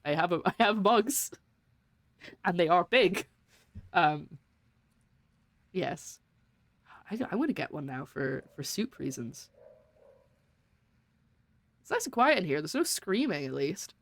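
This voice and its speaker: A woman's voice: fairly low pitch, lively intonation, unhurried, pauses often, no echo. A woman streaming a game, giving casual, giggly, rambling commentary.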